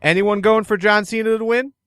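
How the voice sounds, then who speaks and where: A man's voice: sits high, steady tone, a little fast, a bit bright, clear, resonant tone, no room sound, clean studio sound. A man hosting a casual podcast chat, asking each guest for their picks in turn. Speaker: podcast host.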